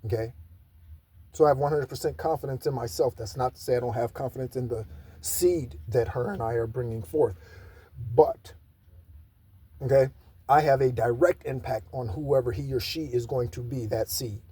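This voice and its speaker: A man talks through spiritual messages and card readings in a loose, rambling way, often checking in with "okay?" and slowing down to repeat mantras. His voice sits at an ordinary middle pitch, and the recording is dry and close, with no room sound. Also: mellow, slightly rough, no echo. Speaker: spiritual channeler. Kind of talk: casual spiritual guidance monologue.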